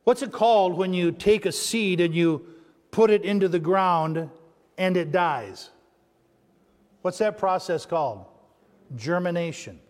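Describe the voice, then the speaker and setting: A man's voice: sits high, measured pace, long pauses, darkish tone, long reverb tail. A man preaching a sermon as pastor, building emphasis and asking the church call-and-response questions.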